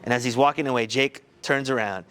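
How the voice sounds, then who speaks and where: A man giving a motivational talk to high school students, telling a personal story in an animated, conversational way. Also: fast, smooth. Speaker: guest speaker.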